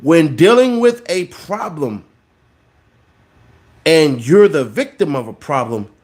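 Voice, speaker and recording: Male podcast host, thirties, slightly higher voice, preachy riffing delivery. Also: sing-song, slow, darkish tone. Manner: preachy, repeats words for emphasis. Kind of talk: casual commentary monologue.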